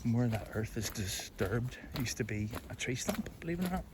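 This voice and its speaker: A man's voice: mid-range voice, animated, brisk. A man from Northern Ireland with a Derry accent, chatting in a rambling, self-deprecating way as he films himself walking outdoors on a phone stick. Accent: Northern Irish, Derry. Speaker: vlogger. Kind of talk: rambling walk-and-talk chat. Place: outdoors on a rural hill walk. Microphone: phone on a selfie stick. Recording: phone mic with clear outdoor background noise. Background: birds and outdoor noise.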